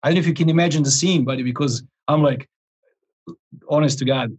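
Male life coach, 40s, interview guest; slightly high, husky voice; animated, restart-heavy storytelling. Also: quick pace, poor audio. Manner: animated, rambling, frequent restarts and chuckles.

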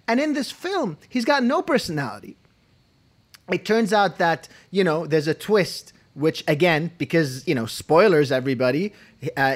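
A podcast co-host arguing a film review point with growing heat. Sentences tumble out with stammered repeats and restarts, and the talk stays casual. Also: medium pitch. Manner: heated ranting with stammered restarts.

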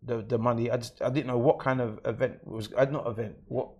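In dull-sounding audio, a man speaks fairly quickly with a medium-pitched, steady, darkish voice. He is an interview guest with a London accent, relating his own experience in a matter-of-fact way.

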